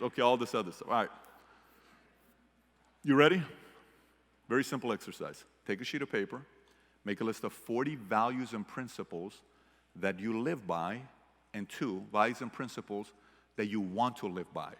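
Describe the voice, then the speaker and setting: A man from the Middle East giving a motivational keynote speech to a live audience, telling stories animatedly and swinging from hushed to loud. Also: mid-range voice, moderate pace, long pauses. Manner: animated storyteller, shifts from hushed to shouting. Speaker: keynote speaker. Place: large hall with audience. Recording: long hall reverb.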